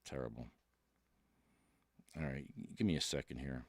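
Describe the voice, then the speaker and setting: A man's voice: very deep voice, fairly even intonation, normal speed, no room sound. A man hosting a casual solo podcast, rambling and poking fun at himself, with lots of restarts. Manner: rambling, self-deprecating, with frequent restarts. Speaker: podcast host.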